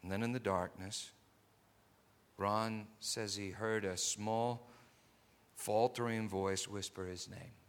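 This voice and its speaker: In a large hall, a man preaches a sermon with a fairly low, fairly even voice, telling a story slowly and deliberately with many pauses. He builds from quiet narration to loud, impassioned passages.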